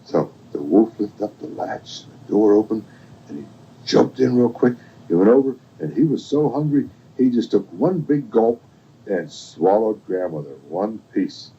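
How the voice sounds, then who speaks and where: Folksy older grandpa telling a bedtime tale. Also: male voice, on the low side, very animated, moderate pace, husky. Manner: folksy, rambling, gentle. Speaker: grandfather reading to a child. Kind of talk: bedtime storytelling. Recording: dull lo-fi home recording.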